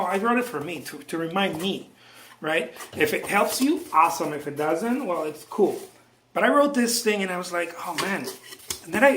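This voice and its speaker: A male painter vlogs from his studio, musing aloud in a loose, self-interrupting way with frequent chuckles. His voice sits a touch high and he keeps it hushed for the late hour. The room around him rings with a clear echo. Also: a little hiss or hum. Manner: loose and self-interrupting, chuckling often, many restarts and asides; talking low late at night. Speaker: painter vlogging about his work. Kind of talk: casual rambling monologue to camera. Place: art studio indoors.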